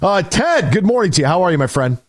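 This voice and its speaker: A man hosting a call-in sports radio show, talking in an energetic, rambling way with frequent restarts. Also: high voice, quick pace, dry recording, clean studio sound.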